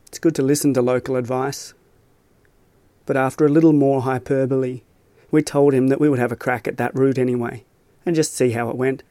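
Man, reflective essay narration, mellow dark voice, even flat delivery, faint music under. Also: medium pitch, no room sound. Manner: reflective, measured. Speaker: storyteller. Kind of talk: scripted narration of a personal essay.

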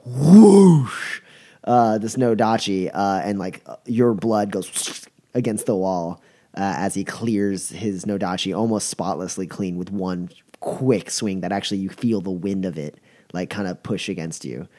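A man's voice: low voice, steady tone, normal speed, a little mellow. A young man narrating a tabletop game as game master, rambling with lots of fillers. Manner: rambling with many fillers, chuckling.

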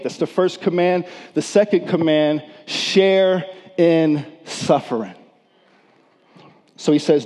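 A man preaching a sermon in an unhurried, deliberate way, his voice mellow and dark but set a little high. He leans hard on key words and slips into casual, slangy voices for the people in his story. Long reverb trails behind him, as in a big hall. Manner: emphatic, acts out quoted voices in slangy talk.

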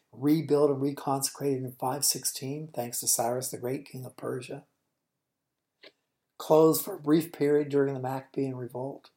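A woman preacher with a low, dark, mellow voice tells a scene as a story during a sermon. She swings between booming emphasis and near-hushed lines to paint the moment vividly.

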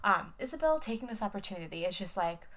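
A woman's voice: mid-range voice, very animated, fast talker, a bit bright. A young woman co-hosting a casual podcast, rambling through a recap with filler words and playful swearing. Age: young adult. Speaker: podcast co-host. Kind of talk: casual chat.

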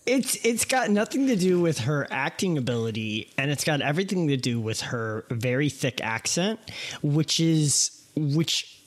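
A man's voice: a little high, sing-song, measured pace. A man co-hosting a casual film podcast, stammering and restarting as he argues a point. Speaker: podcast co-host.

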